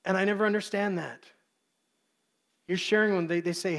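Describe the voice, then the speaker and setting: A man's voice: high voice, fairly even intonation, moderate pace, vocal fry, long pauses, a bit bright. A man preaching a sermon as pastor, earnest, briefly acting out the voices he quotes.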